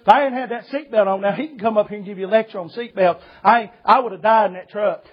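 A man preaching a sermon testimony, telling a lively story and acting out the voices of the people in it. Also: high-pitched, quick pace, husky, lo-fi sound.

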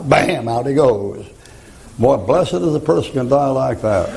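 Gravelly older preacher. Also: male voice, mid-range voice, lively intonation, measured pace, poor audio. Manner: folksy storytelling, chuckling, rising to shouted rhymes. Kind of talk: folksy sermon with anecdotes.

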